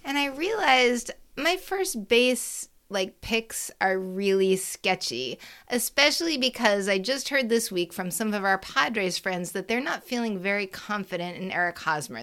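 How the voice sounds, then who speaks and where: A woman co-hosting a casual sports podcast, telling stories in a chatty, animated way. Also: mid-range voice, smooth. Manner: chatty, animated storytelling with frequent "like" and laughs. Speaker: podcast co-host.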